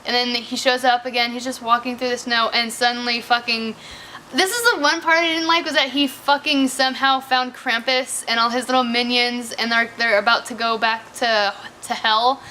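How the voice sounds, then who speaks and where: A woman with a bright, slightly high voice recaps a film in loose, casual chat. She swears freely and leans on "like" as she rambles through the story. Faint noise sits under the recording. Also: steady tone, moderate pace. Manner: chatty, profane, heavy use of "like". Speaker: movie reviewer.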